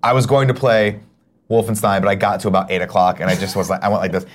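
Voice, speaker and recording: A man's voice: on the low side, fast. A man hosting a casual morning show, joking around and reading viewer comments aloud. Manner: joking, animated, swings into silly voices.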